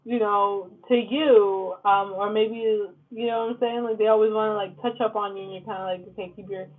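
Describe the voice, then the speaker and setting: A woman's voice: medium pitch, fairly even intonation, moderate pace. A woman giving a casual tarot reading, blunt and profane, full of "like" and "okay?". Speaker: tarot reader. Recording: lo-fi phone-like sound.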